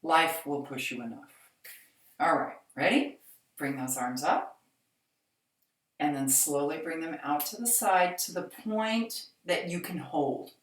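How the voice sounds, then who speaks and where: A woman with a deep, low voice leads a seated exercise class, giving slow, gentle, reassuring cues. She sounds set back from the microphone, and the room adds a clear echo around her words. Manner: calm, reassuring, slow cueing. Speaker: fitness instructor. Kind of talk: guided chair exercise instruction. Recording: echoey room, mic at a distance.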